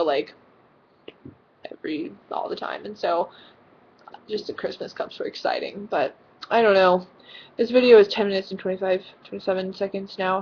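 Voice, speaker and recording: A woman's voice: mid-range voice, breathy edge, dull audio. A teenage girl vlogging casually from her bedroom, rambling with lots of fillers and giggles. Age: teens. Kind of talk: casual vlog chat. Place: own bedroom.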